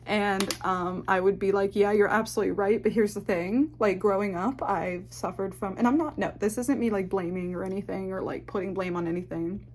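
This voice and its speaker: A young woman telling a personal story to camera, candid and halting, swearing often and holding back tears. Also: mid-range voice, fairly even intonation, slight background noise. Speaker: ASMR channel host. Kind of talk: emotional personal confession to camera.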